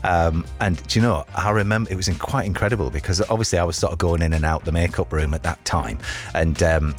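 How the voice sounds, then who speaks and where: A man's voice: sits low, fast talker, faint music behind. A man hosting a radio show, talking in a chatty, enthusiastic way with plenty of fillers. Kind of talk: lively radio presenting.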